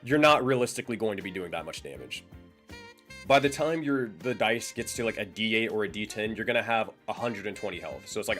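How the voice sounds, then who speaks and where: Man, low voice, lively up-and-down pitch, casual streamer chat, swearing, faint music behind. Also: a little fast. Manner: swearing, muttering while fiddling with audio settings.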